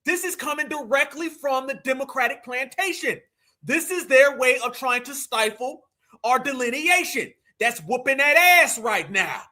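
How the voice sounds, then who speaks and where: A man from the United States hosting a live commentary show, ranting in a loud, mocking way and often shouting. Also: very high voice, animated, moderate pace.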